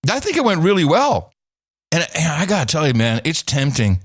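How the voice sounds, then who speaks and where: A middle-aged man co-hosting a podcast, telling stories in lively casual chat with many restarts. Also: on the high side, fairly quick, no echo, studio quality. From Netherlands. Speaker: podcast co-host.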